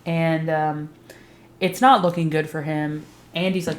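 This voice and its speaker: A woman's voice: deep voice, fairly even intonation, measured pace. A young adult woman recapping a TV series in casual, blunt, emphatic talk, swearing freely. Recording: roomy echo.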